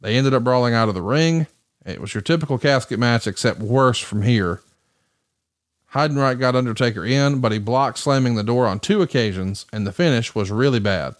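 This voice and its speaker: A man runs through results in a brisk recap and then turns to his co-host with questions. His voice sits at a middle pitch. The sound is dry and close to the mic with no room around it. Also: dry recording. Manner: brisk, reads match results and asks questions. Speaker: podcast host. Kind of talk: match recap commentary.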